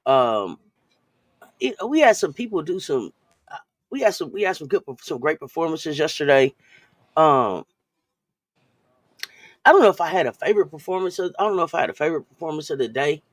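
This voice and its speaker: A woman's voice: sits low, lively intonation, a little fast, long pauses. A woman leads a laid-back sports chat on a live stream, speaking loosely and circling back over her own words. Her voice is close and dry, with no room echo. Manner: loose and chatty, repeats and restarts phrases, greets viewers in chat.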